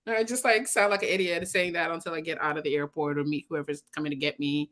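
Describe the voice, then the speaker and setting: A woman co-hosting a casual podcast chat, telling stories with lots of laughter and quick impressions of other people. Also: fairly low pitch. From Nigeria. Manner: animated storytelling, mimics other voices, laughs often. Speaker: podcast co-host.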